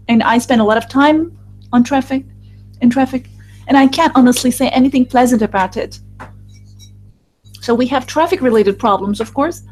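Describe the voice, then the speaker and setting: Halting woman interpreting a group discussion. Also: high-pitched, a little mellow, low-quality recording. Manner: halting, with restarts and fillers. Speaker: voice-over interpreter for a focus group. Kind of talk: live interpreting voice-over.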